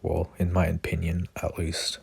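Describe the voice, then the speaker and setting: A man voicing a gruff adult male squad captain who gives blunt orders in a plain, flat way. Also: low voice, moderate pace, heavily acted.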